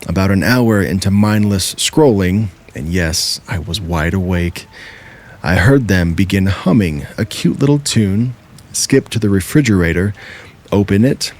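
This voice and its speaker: A man with a very low, deep voice reads true horror stories aloud. His delivery is steady and measured, like scripted narration.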